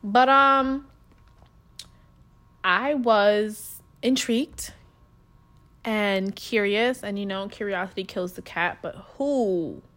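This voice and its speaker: A woman's voice: mid-range voice, slow pace, long pauses, fairly bright tone. A young adult woman with a New York accent tells her story in a loose, unscripted monologue. She is blunt and foul-mouthed and talks straight to her audience as if they were friends. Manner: blunt, crude and profane, talking straight to listeners.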